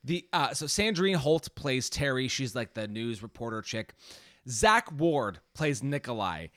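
A man's voice: medium pitch, a little slow, dry recording, clean studio sound. A man co-hosting a casual movie podcast, talking through cast and box office figures with his wife, swearing now and then. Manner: animated, swears casually, reads out stats. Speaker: podcast co-host.

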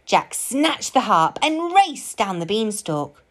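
Woman storybook reader, slow, expressive, melodic read-aloud. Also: medium pitch. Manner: slow, sing-song and expressive.

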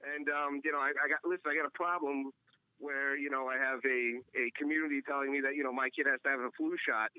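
A man's voice: mid-range voice, steady tone, fast, clear, resonant tone, no echo. A man from New York with a New York accent, calling in to a show and chatting casually, rambling with lots of fillers and restarts, heard over a phone. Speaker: caller. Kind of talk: casual call-in chat. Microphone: phone call. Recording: muffled phone line.

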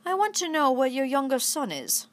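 A woman voicing a cold, haughty aristocratic knight who speaks civilly but with clear superiority, in a storybook reading. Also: sits high, big pitch swings, normal speed, voice pushed up.

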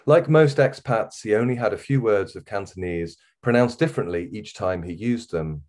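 A man with a Wirral accent reading his own short story aloud in a measured, steady way. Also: fairly low pitch. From England. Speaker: guest author.

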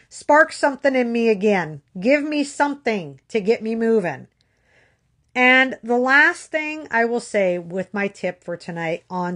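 A woman's voice: on the high side, a bit bright. A woman giving a candid motivational talk about weight loss, earnest and frank, with tough-love asides and repeated phrases.

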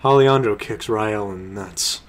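A young man reading fan fiction aloud on a comedy podcast, halting and giggling as he goes. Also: on the low side, crowd noise. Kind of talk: mock-dramatic reading with laughter.

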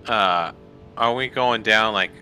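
Dude playing a tabletop game, super bright voice, swears a lot, laid back. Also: male voice, on the low side, slow, faint music behind. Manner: loose and swearing, laughing easily. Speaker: player. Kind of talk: casual tabletop game chat.

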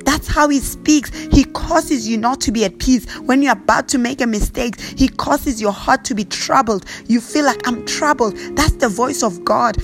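A woman's voice: fairly high pitch, soft background music. Fervent woman preacher praying in tongues. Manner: fervent, repetitive, slow chanted tongues. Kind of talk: prayer sermon with speaking in tongues.

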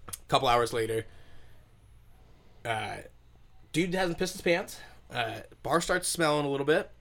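A man's voice: mid-range voice, unhurried. A man casually telling a long funny story on a podcast, acting out the voices of the people in it and swearing freely. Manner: animated, acts out quoted voices, swears freely.

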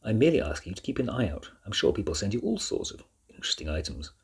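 A man voicing a scheming aristocratic earl who talks smoothly and turns clipped and curt. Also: lowish voice, big pitch swings, fast talker, darkish tone, heavily acted. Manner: smooth and clipped, snapping through gritted teeth. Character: scheming aristocratic male earl, cold and controlling.

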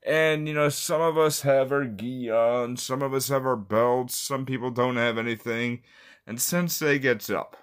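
A man's voice: mid-range voice, steady tone, unhurried, smooth. A man in his thirties from the United States telling a personal story in a rambling way, full of fillers, that turns heated as he goes.

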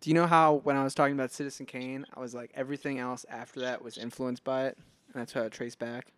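A man's voice: medium pitch, fairly even intonation, quick pace, fairly bright tone, smooth. A young man co-hosting a podcast in casual chat, telling stories in a laid-back way and laughing often. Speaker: podcast co-host.

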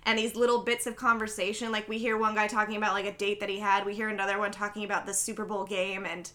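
A woman's voice: mid-range voice, quick pace. A woman on a podcast, casually recapping a film scene by scene and acting out the characters' lines. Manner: animated storytelling, acts out the characters' lines. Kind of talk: casual chat.

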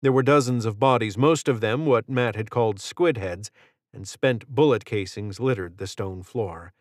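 A male narrator with a low voice reads a thriller in a steady, measured manner. The recording is dry and close, with no room sound. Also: no echo. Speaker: audiobook narrator. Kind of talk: scripted narration.

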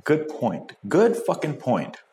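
A man hosting a casual podcast, reacting to clips with crude, profane commentary and loud whoops. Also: on the high side, huge pitch swings, slow. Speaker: podcast host. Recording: echoey room, faint noise.

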